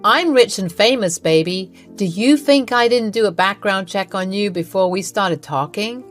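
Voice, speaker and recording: A woman voicing a smooth-talking, flirtatious rich man in a storybook narration. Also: medium pitch, normal speed, soft background music, natural voice. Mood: flirty.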